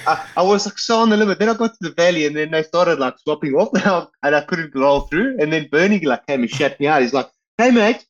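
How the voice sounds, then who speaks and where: Fast casual man from south africa, rambly, lots of likes and restarts. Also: a little high, highs cut off. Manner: rambling, many fillers and restarts. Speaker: guest, retiring pro cyclist. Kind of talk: casual storytelling interview.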